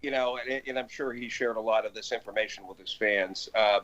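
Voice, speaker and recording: A man from Ohio, a radio sportscaster guest, telling lively stories about his old morning show. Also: lowish voice, a little fast, lo-fi sound. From Ohio, USA. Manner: animated, eager storyteller. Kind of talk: casual chat.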